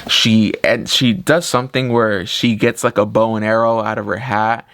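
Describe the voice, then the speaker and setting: A man's voice: fairly low pitch, normal speed, no echo. Dry, close-miked man retelling a film. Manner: excited retelling, heavy use of 'like'. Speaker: movie reviewer. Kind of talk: casual spoken film review.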